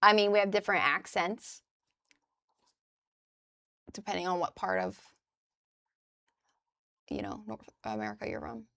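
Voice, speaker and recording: A woman's voice: medium pitch, steady tone, measured pace, vocal fry, pauses often, fairly bright tone, dry recording, studio quality. A young woman from the US Midwest, chatting loosely with her live chat as a streamer and swearing casually. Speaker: livestreamer. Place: indoors at a crafting desk.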